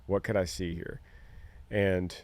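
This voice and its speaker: A man's voice: deep voice, level tone, takes it slowly, darkish tone. A middle-aged man, talking earnestly in a casual podcast chat and acting out quoted lines as he tells a story. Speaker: podcast co-host.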